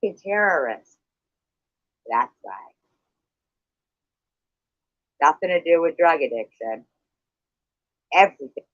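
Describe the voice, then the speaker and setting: A man's voice: on the high side, lively intonation, takes it slowly, long pauses, no echo. A man in a heated livestream argument, hostile, profane and accusing. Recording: dull lo-fi stream audio.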